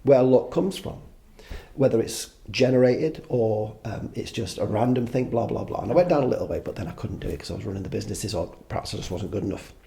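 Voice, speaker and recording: A man's voice: fairly low pitch, expressive, quick pace, creaky, dark tone. A man in his fifties, a podcast guest, chatting casually in a rambling way, swearing freely and making fun of himself. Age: 50s. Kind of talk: casual conversation.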